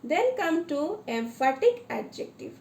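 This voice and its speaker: A woman's voice: sits high, big pitch swings, measured pace, a little mellow, reverberant, slight background noise. A woman with an Indian English accent teaching English grammar and switching into Hindi, asking the class questions and repeating each example with emphasis.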